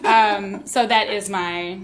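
A woman's voice: medium pitch, fairly even intonation, slow pace, noisy background. A woman performing a stand-up comedy set, brash and profane, laughing often at her own jokes.

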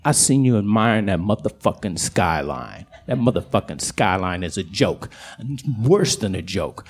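A man's voice: lowish voice, lively intonation, moderate pace, husky, pitched below the performer's own voice. A scornful, foul-mouthed coyote, played by a man telling a story, talks in a voice pushed well down. It preaches and sneers with street-talk swagger. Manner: profane, preachy, contemptuous.

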